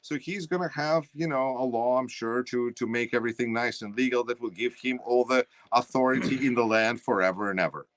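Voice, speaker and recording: Russian accent guy rambling thru an interview, mid pitch, lots of uhs, dry close sound. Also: fairly even intonation, brisk, few pauses, fairly bright tone, no echo. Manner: rambling, many fillers and restarts. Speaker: interview guest. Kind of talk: casual interview talk.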